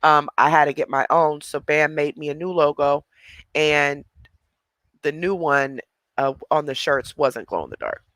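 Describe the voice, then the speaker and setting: A man's voice: on the high side, a little slow, a bit bright, no echo. A man hosting a livestream, chatting casually with viewers and laughing often. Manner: chatty, laughing, responding to chat. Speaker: livestream host.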